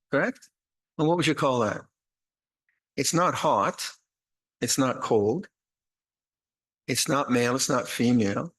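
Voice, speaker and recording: Halting, gentle older man teaching meditation. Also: medium pitch, poor audio. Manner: slow, halting, many repeated words and restarts; gentle, wry, laughs at his own jokes. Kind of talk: dharma talk at a retreat.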